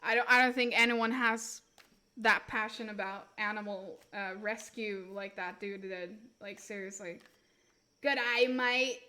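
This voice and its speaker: A woman's voice: mid-range voice, flat delivery, a little slow, sharp tone. A woman live-streaming tarot readings, chatting casually in a giggly, self-mocking way while she keeps trying silly accents.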